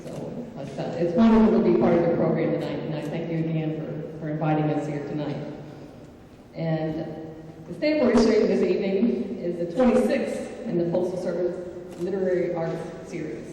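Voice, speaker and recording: Southern woman speaker, mellow tone, jokes at her own expense, distant and echoey in a big hall. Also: fairly low pitch, a little fast, slight background noise. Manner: joking, self-deprecating asides to the audience. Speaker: guest speaker. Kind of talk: ceremonial speech. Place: large banquet hall. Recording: echoey hall, picked up from afar.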